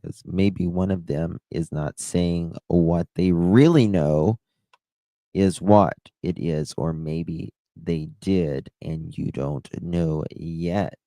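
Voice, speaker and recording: Deep, gravelly Southern man chatting. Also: slow, warm tone, no room sound. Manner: chatty, rambling storytelling. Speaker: livestream host. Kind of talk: casual live-stream chat.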